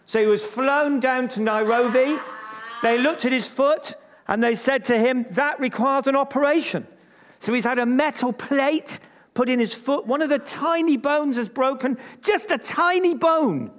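A man's voice: very high-pitched, a bit bright. A male pastor preaching an emphatic sermon to a congregation, leading them in call-and-response. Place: church service before a congregation. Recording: long reverb of a large hall.

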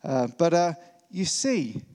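Male preacher, conversational sermon, fillers and restarts, slightly high voice, long hall reverb. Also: big pitch swings, slow pace, mellow. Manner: conversational, with fillers and self-corrections.

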